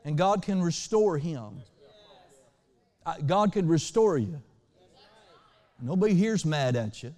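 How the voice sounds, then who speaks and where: A male pastor preaching a sermon in a fairly high voice. He swings between loud lines and hushed ones and checks in with the congregation. The recording carries the long reverb of a church hall. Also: animated, slow pace, long pauses. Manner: asks the congregation for responses.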